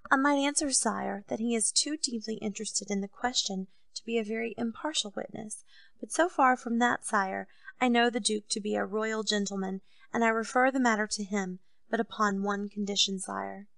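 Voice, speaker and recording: Brief: woman as a composed storybook captain, soft and measured, a little gravelly. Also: medium pitch, no echo. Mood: calm. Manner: calm, quiet, measured. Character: calm, shrewd captain, grown man.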